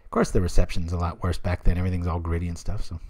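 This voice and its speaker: Low-voiced chatty streamer man. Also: level tone, very fast, a little mellow. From United States. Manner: chatty, rambling asides, talks to viewers in chat. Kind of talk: live card game commentary.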